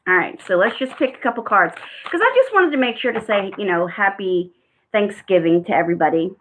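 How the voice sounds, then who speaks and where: A woman's voice: medium pitch, lively intonation, brisk, a bit bright, a little hiss or hum. A woman reading tarot cards in a casual live-stream chat, talking in a rambling way with frequent fillers. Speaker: tarot card reader. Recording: tinny phone-like sound.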